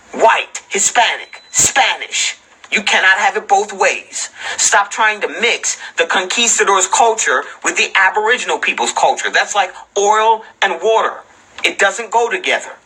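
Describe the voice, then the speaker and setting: A man rants into his livestream mic, combative and profane, hammering his listeners with rhetorical questions. His voice sits high for a man and sounds husky, with a piercingly bright, cutting edge. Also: low-quality recording. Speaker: livestream host. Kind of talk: ranting livestream commentary.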